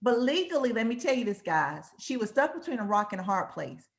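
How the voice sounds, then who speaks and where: Woman attorney, fairly high, expressive voice, plain explainer on a call. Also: a little fast, gravelly. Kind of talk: casual chat. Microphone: video call.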